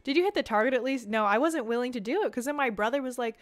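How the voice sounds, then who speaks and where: A woman's voice: a little high, very fast, few pauses. A young woman chatting casually on a live stream, swearing freely and reading viewer comments aloud. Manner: chatty, swears a lot, reads chat aloud.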